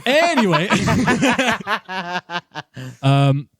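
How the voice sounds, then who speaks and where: A man's voice: high-pitched, huge pitch swings, very slow, fairly bright tone, no echo, clean studio sound. A man co-hosting a casual film podcast, chatty and casually swearing. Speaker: podcast co-host.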